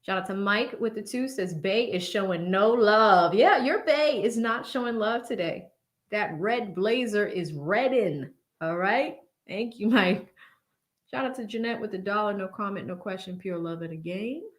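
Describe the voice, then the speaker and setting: A livestream host chats from a home studio with blue backlight, laughing often while she reads viewers' superchats and thanks them by name. She speaks at a medium pitch and moderate pace, with lively intonation.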